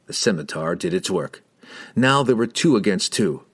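Male audiobook narrator, lowish voice, measured dramatic fantasy reading. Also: lively intonation, slightly rough.

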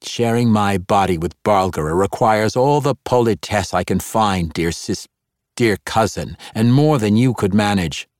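A man's voice: fairly low pitch, measured pace, a little mellow, dry recording, clean studio sound, close to an everyday voice. A man voicing a scheming, sardonic woman who teases and mocks. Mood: mocking. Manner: mocking, teasing.

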